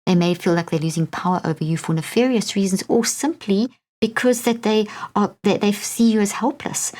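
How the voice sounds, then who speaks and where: A woman's voice: mid-range voice, moderate pace, hardly any pauses, darkish tone. A middle-aged woman with a South African accent hosting a solo podcast, talking in an earnest, coaching way and often checking in with "okay?". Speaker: podcast host.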